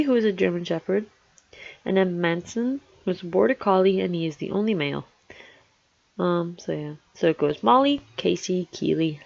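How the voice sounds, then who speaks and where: Rambling nervous man with gravelly fry. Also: sits high, dry recording, highs cut off. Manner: rambling, nervous, full of ums and restarts. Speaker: artist narrating a speedpaint. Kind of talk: casual voice-over narration. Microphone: headphones with built-in mic.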